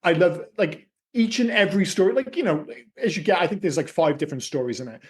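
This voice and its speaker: A podcast co-host chats casually about films, swearing freely and using many fillers. His high-pitched voice is animated and quick.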